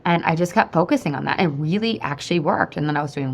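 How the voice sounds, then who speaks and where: Low-pitched woman, podcast host, chatty, animated storytelling, full of asides to listeners. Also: fast talker, gravelly, slight background noise. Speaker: podcast host and weight-loss coach. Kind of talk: casual storytelling monologue.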